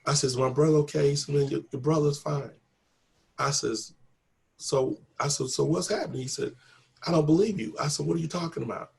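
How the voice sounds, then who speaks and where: Gravelly man telling his story. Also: on the high side, brisk, a little mellow. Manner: acts out dialogue, repeats "I said" and "he said"; earnest, faith-filled testimony. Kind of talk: conversational storytelling.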